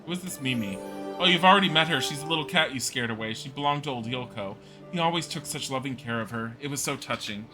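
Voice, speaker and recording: A man's voice: mid-range voice, fast talker, music in the background, natural voice. Man reading as a shaken townswoman witness. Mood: distressed. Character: upset middle-aged townswoman witness. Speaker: streamer.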